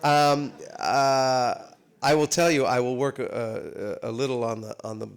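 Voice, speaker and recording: A man in his fifties tells comic stories on a theater stage with a mid-range voice. He talks with plenty of ums and restarts. He sounds lively and animated. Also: medium pitch, measured pace, smooth. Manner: animated, comic anecdotes with many fillers. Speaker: guest actor at a live talk. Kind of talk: storytelling on stage. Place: theater stage before a live audience.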